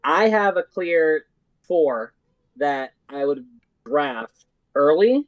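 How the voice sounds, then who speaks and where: Male podcast guest, halting casual delivery, dry recording. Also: on the high side, expressive, no room sound, dull audio. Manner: hesitant, halting, with many fillers and restarts. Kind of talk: casual fantasy football chat.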